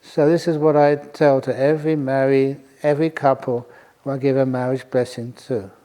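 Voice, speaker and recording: A man's voice: medium pitch, level tone, moderate pace, mellow. An older man, a monk, giving a dharma talk to a retreat audience, telling a humorous story and often chuckling. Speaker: monk teacher.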